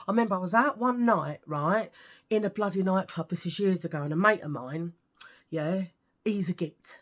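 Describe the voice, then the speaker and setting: A woman's voice: fairly low pitch, normal speed. A British woman vlogging, telling stories to camera in a chatty, ranting way with lots of asides. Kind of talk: casual storytelling to camera.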